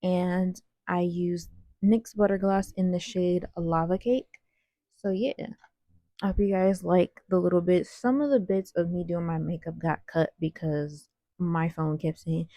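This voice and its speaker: A woman's voice: fairly low pitch, steady tone, measured pace, dark tone, no echo. A woman cosplay vlogger rambling in casual, slangy voice-over about her makeup. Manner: rambling, slangy, self-deprecating.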